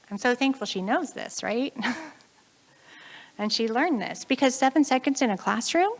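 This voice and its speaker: A woman with an American accent giving a chatty, animated conference talk, often acting out the voices of the people in her stories. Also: a little high, moderate pace, pauses often. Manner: chatty, animated, acts out quoted voices, frequent laughs. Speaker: conference speaker.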